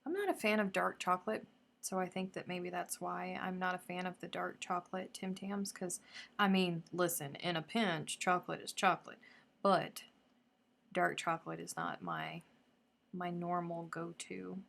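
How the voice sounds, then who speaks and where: Gravelly low-voiced woman streamer. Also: fairly even intonation, moderate pace, slight background noise. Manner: effusive and chatty, drifting into soft murmurs. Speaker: crochet livestream host. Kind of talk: casual live-stream chat.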